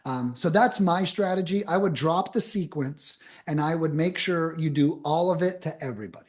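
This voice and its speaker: A man on a podcast as a guest, giving blunt, emphatic advice in fast bursts with casual swearing. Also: on the high side.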